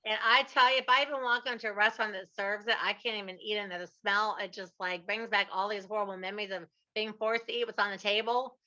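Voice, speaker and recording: Bright-voiced woman host, animated storyteller. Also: mid-range voice, quick pace, few pauses, lo-fi sound. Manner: animated storyteller, drawls out punchlines. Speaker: podcast host. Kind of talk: casual interview chat.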